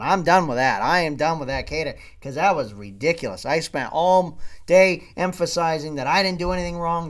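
A man hosting a podcast, ranting comedically with profanity and loud swings in volume. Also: sits high. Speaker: podcast host. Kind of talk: comedic rant.

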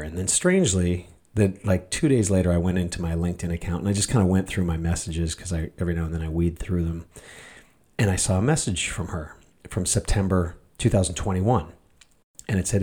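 A man's voice: deep voice, steady tone, a little fast, a little mellow, husky. A middle-aged man hosting a podcast, telling a story in a rambling way with many fillers and restarts. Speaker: podcast host. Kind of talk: casual monologue podcast.

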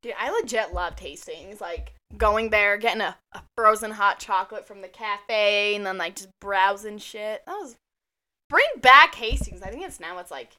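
A woman in her twenties co-hosting a podcast, telling stories in an animated, teasing way with lots of swearing. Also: medium pitch, moderate pace. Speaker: podcast co-host. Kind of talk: casual chat.

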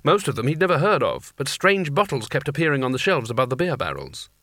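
A man narrating an audiobook in a dry, measured storytelling manner. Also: medium pitch, very animated, a bit bright, no room sound. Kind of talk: scripted narration.

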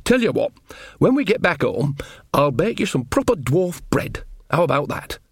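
Male reader doing a cheeky old witch lady, homely and blunt, very animated. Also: on the high side, normal speed, creaky, husky, no echo, clean studio sound, voice pushed up, exaggerated voice. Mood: chatty, teasing. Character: bawdy old witch woman, cheerful and earthy.

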